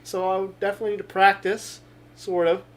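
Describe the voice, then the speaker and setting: A woman's voice: mid-range voice, little pitch movement, fairly quick. A woman co-hosting a casual talk show, teasing and laughing playfully. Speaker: co-host. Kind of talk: casual chat.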